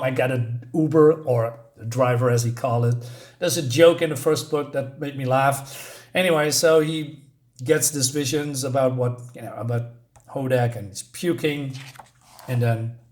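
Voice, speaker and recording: A man casually recapping a comic book issue, reading out the characters' lines, with lots of fillers and a way of talking. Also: mid-range voice. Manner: retells the plot, reads out character lines with many fillers and laughs.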